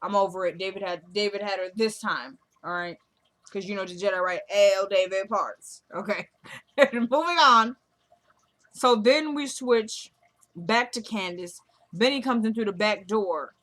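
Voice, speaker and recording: A woman sits down to recap a TV episode for her viewers in a relaxed, gossipy way. She tells each scene as a chain of "he's like" and "she goes" in an ordinary mid-range voice. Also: medium pitch, moderate pace. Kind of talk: casual recap vlog.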